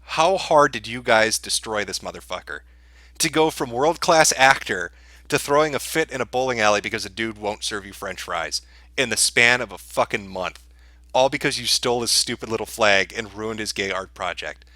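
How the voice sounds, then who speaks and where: A man's voice: fairly low pitch, moderate pace, pushed and bright, no echo. A man hosting a show, giving crude, profane and mocking commentary in an amused, sneering manner. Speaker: podcast host.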